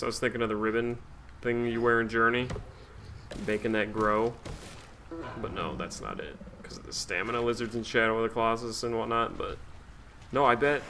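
A man's voice: mid-range voice, sharp tone, slight background noise. A man streaming a video game, talking casually, with sarcastic, profane grumbling at the game. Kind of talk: casual let's-play commentary.

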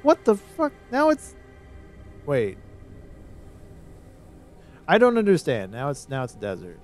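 A man streaming a game, rambling in casual commentary with sudden excited outbursts. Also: on the high side, slow pace, faint music behind.

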